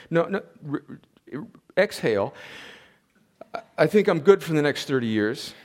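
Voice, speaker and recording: A fervent preacher in his forties with a fairly high voice, delivering a sermon from the pulpit. He climbs to emphatic, ringing peaks, then eases into a low, chatty aside with his congregation. He is a pastor speaking to his own church. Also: lively intonation, normal speed, pauses often. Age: 40s. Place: church sanctuary.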